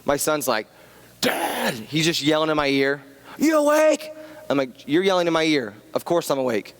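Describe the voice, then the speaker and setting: A man in his thirties delivers a relaxed, self-deprecating sermon with a fairly high voice. He wanders into rambling asides and restarts his sentences often. His voice rings out with the long reverb of a church hall. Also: brisk, smooth. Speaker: pastor. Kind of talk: conversational sermon with personal stories.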